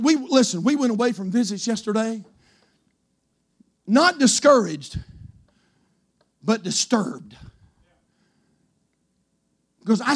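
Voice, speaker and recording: A male pastor preaching a fiery revival sermon, shouting his points and dropping to a hushed voice for stories. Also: very high voice. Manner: shouting, swinging from loud to hushed storytelling.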